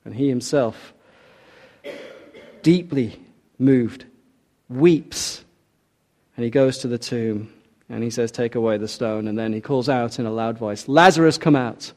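A man delivers a sermon in an earnest, measured way. His voice is warm and mellow, and he slows down to let the key lines land. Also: mid-range voice, steady tone. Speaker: preacher.

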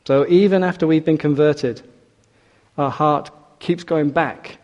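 A man's voice: mid-range voice, mellow. Man preaching in a long reverberant hall. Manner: earnest, with rhetorical questions and hesitant restarts. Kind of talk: sermon.

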